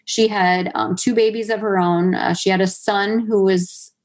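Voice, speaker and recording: A woman's voice: mid-range voice, fairly even intonation, moderate pace. A woman in her thirties, a podcast guest telling a personal story in a chatty way, full of fillers and quoted asides. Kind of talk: conversational storytelling.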